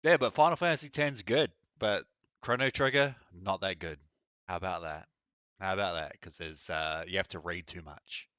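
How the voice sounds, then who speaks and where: A man's voice: low-pitched, normal speed, a bit bright, no echo, muffled recording. A young man chatting casually on a live gaming stream, blunt, opinionated and mocking. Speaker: game streamer.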